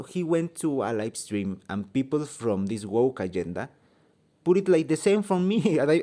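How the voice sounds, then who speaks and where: Mexican guy ranting on his channel in second-language english, lots of ums, swears, soft dark tone. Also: medium pitch. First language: Spanish. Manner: halting, searching for words, many ums; blunt, swears freely. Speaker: channel host. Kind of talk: opinion vlog rant.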